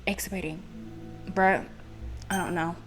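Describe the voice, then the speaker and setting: A woman's voice: fairly low pitch, level tone, normal speed. A woman hosting a let's play video, giggly and self-mocking as she comments, with faint game music behind. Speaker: gaming video host.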